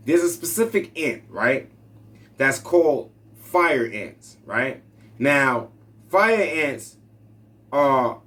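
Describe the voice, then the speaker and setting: A man's voice: a little high, fairly bright tone. A man telling a story in a casual, laid-back monologue, often ending lines with "right?". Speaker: speaker.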